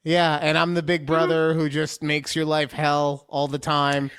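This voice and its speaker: A man's voice: a little high, completely flat delivery, measured pace, fairly bright tone, clean tone, no echo. A man co-hosting a casual podcast, reading horoscopes aloud with mock-dramatic jokes and free swearing. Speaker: podcast co-host.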